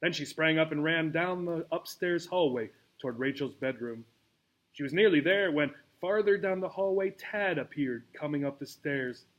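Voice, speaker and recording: A man's voice: a little high, moderate pace, fairly bright tone, muffled recording. Man reading a children's book aloud. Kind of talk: storybook read-aloud.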